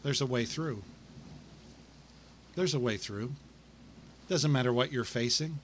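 A middle-aged male pastor delivering a sermon, with rhythmic repetition and dramatic pauses. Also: medium pitch, a little hiss or hum.

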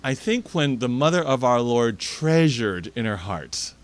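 A man's voice: mid-range voice, measured pace. A male preacher telling a story in a sermon, acting out the people in it. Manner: animated storyteller, acts out characters.

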